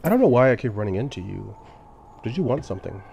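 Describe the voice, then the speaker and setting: A man's voice: mid-range voice, big pitch swings, fast talker, gravelly, warm tone, husky, full character voice. A man voicing an aloof male unicorn in a tabletop game, dry and offhand.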